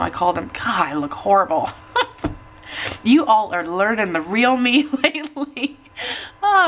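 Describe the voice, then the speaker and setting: A woman's voice: lowish voice, a little hiss or hum. A woman talks to her camera at home, chatty and emotional, tearful and laughing at herself. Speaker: weight-loss vlogger. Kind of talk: casual chat to camera.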